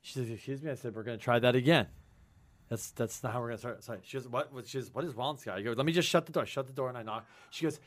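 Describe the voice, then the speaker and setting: A man's voice: mid-range voice, racing. A man telling a story in casual chat, acting out both sides of a conversation with a tenant. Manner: animated storyteller, acts out both sides of dialogue. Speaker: co-host telling a property management story.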